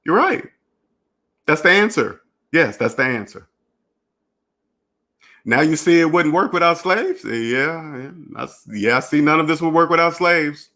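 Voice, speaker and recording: A man's voice: a little high, animated, moderate pace, pushed and bright. A man hosting a finance channel, talking in a rambling, repetitive solo monologue and acting out imagined dialogues. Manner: repetitive, restarts phrases, emphatic.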